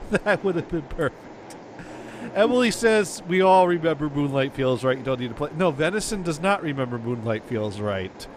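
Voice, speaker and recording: A slightly high-pitched man hosts a casual record show, his voice swinging up and down as he rambles. He trips over his words and chuckles between thoughts, with clear noise behind him. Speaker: radio show host playing records.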